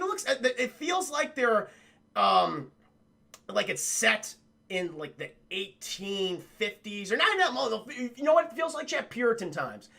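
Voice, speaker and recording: A young man livestreaming a casual film review, retelling scenes in an animated, profane way and talking to his chat. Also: high voice, creaky.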